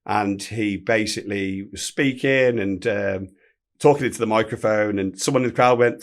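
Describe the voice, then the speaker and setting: A man, telling a story as a podcast guest, animated and swearing freely. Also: on the low side, moderate pace. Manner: animated anecdote-telling, swears freely, acts out quoted speech. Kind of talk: casual storytelling.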